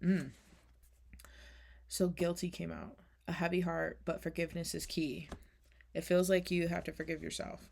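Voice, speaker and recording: Casual woman oracle reader, low gravelly voice, candid and chatty. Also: little pitch movement, normal speed, pauses often, darkish tone. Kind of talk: casual spoken oracle reading.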